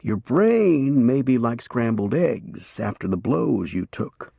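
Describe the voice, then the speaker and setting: A man voicing a male frontier doctor who warns his patient in a measured way. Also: medium pitch, very animated, creaky, mellow, slightly rough, dry recording, voice pushed up, heavily acted. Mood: cautioning. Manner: warning, measured.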